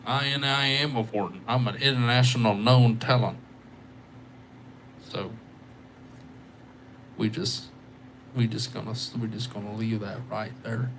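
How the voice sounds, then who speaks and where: A man's voice: mid-range voice, fairly even intonation, a little slow, pauses often, a bit bright, a little hiss or hum. Tired, joking man chatting on a livestream. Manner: rambling, joking, playful. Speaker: livestreaming guitarist. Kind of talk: casual live-stream chat with viewers. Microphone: microphone.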